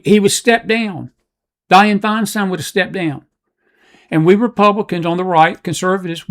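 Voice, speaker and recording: Impassioned man hosting political talk, gravelly voice, a bit high. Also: a bit bright. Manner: impassioned, repetitive, preacher-like. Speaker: political talk show host. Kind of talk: live political commentary. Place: studio with live audience.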